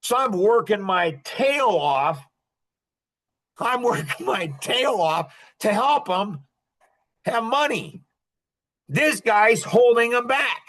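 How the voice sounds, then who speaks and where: Man, high-pitched, middle-aged, podcast host, emphatic, repetitive, ranting monologue. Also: lively intonation, slow pace, pauses often, a bit bright. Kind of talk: impassioned monologue.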